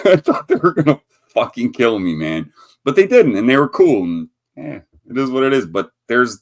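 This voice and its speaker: A man from the Chicago area hosting a livestream, telling a rambling, profane story that he often breaks up with laughter. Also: low-pitched. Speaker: livestream host. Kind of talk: casual livestream chat.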